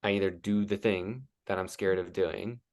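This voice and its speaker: A man's voice: low voice, fairly even intonation, moderate pace, a little mellow. A man as a guest coach in a casual interview, talking loosely and leaning on "like" as he thinks aloud. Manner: rambling, heavy use of "like".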